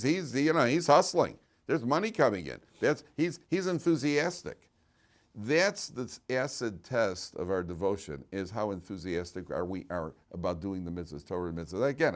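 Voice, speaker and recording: A man teaching a Torah class in a casual, joking way, asking the room questions and often restarting his sentences. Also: fairly low pitch. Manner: chatty, joking, many restarts and rhetorical questions. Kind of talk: informal Torah lecture.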